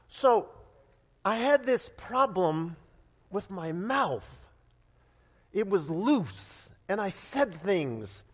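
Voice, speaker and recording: A middle-aged pastor from Nevada delivers a lively sermon in a notably high voice. He restarts his sentences and swings into sudden loud bursts as he tells a story. The sound carries a long reverb, as in a church sanctuary. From Nevada, United States.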